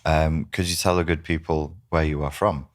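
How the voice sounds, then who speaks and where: A man's voice: a bass voice, little pitch movement, normal speed. A man from England with a Wirral accent, hosting a casual, playful interview with his sister. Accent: Wirral English. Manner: playful, teasing. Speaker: host.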